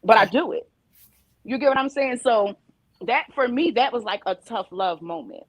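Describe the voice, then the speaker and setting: Woman panelist, casual and animated storyteller, slightly high voice, close dry mic. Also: normal speed, no echo, rough recording. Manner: animated storyteller who acts out quoted dialogue. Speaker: panelist and mother.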